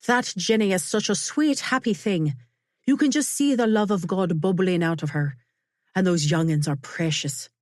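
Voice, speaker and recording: A woman voicing an older, warmhearted Irish aunt who teases with a thick Irish brogue. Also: lowish voice, normal speed, no room sound, clean studio sound, close to an everyday voice. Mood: fond. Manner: teasing, motherly.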